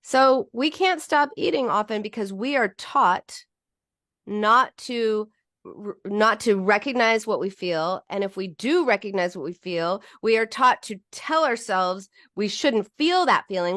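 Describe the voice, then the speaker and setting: Animated, lively woman psychologist. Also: mid-range voice, measured pace, dry recording, clean studio sound. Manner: animated, acts out quoted voices, frequent restarts. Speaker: psychologist and podcast host. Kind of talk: casual teaching monologue with anecdotes.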